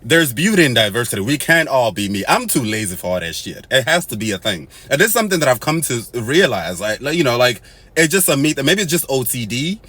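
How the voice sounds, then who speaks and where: A man from Nigeria hosting a casual to-camera monologue, animated and swinging from loud exclamations to low muttered asides, mixing in Pidgin and Igbo phrases. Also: fairly quick, no echo. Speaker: host.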